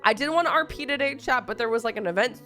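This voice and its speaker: A young woman streamer with a slightly high voice, fighting off a cold as she chats. She rambles through a long story, breaking off into exasperated asides. Soft music plays behind her. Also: quick pace. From Texas. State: sick with a cold. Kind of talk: casual livestream chat.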